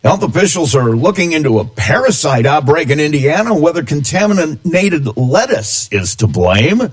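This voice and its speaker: A man reading a local radio news bulletin at a steady newsreader pace. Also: on the high side, moderate pace.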